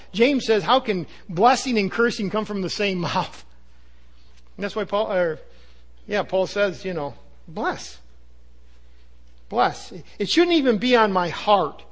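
High-voiced earnest preacher. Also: male voice, animated, normal speed. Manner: earnest, emphatic preaching with sudden drops to a low hush. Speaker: pastor. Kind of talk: sermon.

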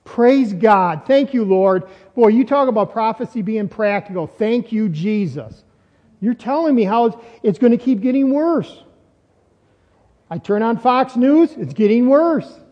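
A high-pitched man preaching in a loose, conversational way, asking his listeners questions as he goes. His voice rings out with a long reverb in a church hall. The recording sounds dull and lo-fi. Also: animated, normal speed. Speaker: pastor. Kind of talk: sermon.

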